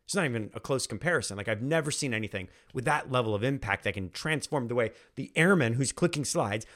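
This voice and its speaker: A man, a former airman turned trainer, telling a personal story in an earnest, emphatic way, repeating phrases for weight. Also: mid-range voice. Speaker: podcast host and trainer.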